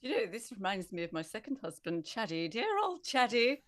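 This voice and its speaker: A woman's voice: medium pitch, very animated, fairly quick, natural voice. A woman voicing an older widow who speaks of her lost husbands with mock innocence. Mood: sly. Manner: mock-innocent, dryly sly. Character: elderly widowed lady, sly and genteel.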